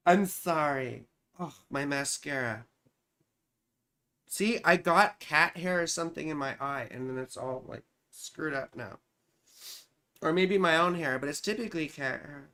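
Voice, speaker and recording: A woman's voice: sits low, a little slow, fairly bright tone. A woman astrologer giving a casual live-stream reading, chatty and profane, who keeps answering her chat.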